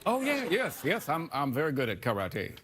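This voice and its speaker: A man's voice: fairly high pitch, huge pitch swings, normal speed, crowd noise. A man voicing a laid-back, goofy male puppet guest who drawls and swears casually in late-night comedy. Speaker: talk show guest.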